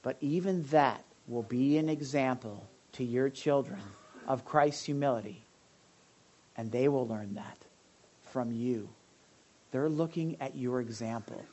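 A man preaching a conversational sermon to his congregation, lively and direct, with frequent asides and questions to his listeners. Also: mid-range voice, unhurried, lo-fi sound. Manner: animated, addresses the audience directly, frequent asides. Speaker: pastor.

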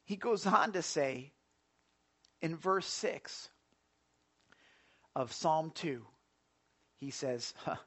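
A man preaching a sermon as pastor, animated, with big swings from soft to loud and repeating words as he starts sentences. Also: a little high, moderate pace, long pauses.

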